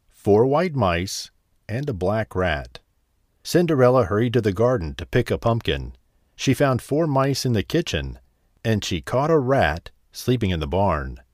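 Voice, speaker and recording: A man reading a fairy tale aloud with a measured, expressive storybook delivery. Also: lowish voice, no room sound, clean studio sound. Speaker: narrator. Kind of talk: storybook narration.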